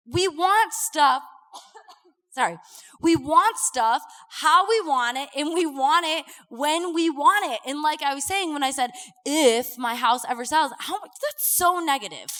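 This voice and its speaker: A young woman giving a casual sermon, chatty and animated, full of fillers and acted-out quotes. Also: high-pitched, a little slow. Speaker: preacher. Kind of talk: casual sermon with personal stories. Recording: live talk with long hall reverb.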